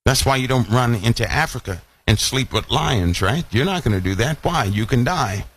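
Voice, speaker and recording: A man preaching with a lively voice that swings up and down. He speaks at a medium pitch and keeps asking his listeners rhetorical questions as he teaches a Bible lesson. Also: normal speed, husky. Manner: animated, full of rhetorical questions. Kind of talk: live online sermon.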